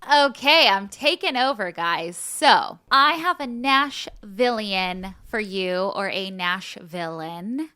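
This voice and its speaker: A woman's voice: medium pitch, expressive, takes it slowly, hardly any pauses, sharp tone, clean tone. A woman co-hosting a podcast, telling a true-crime story in a bubbly, chatty way with lots of filler words. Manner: bubbly, chatty, giggly, uses "like" a lot. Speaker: podcast co-host.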